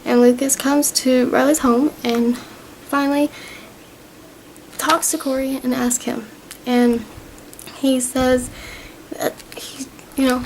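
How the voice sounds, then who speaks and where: A young woman talks to her camera at home, rambling happily through a recap of a show. Her voice sits high and slips into gravelly fry at phrase ends. A faint hum lingers behind her. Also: little pitch movement, slow, pauses often, darkish tone, poor audio. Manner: chatty and rambling, many fillers and retold dialogue. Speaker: vlogger reviewing a TV season. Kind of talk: casual recap talk to camera.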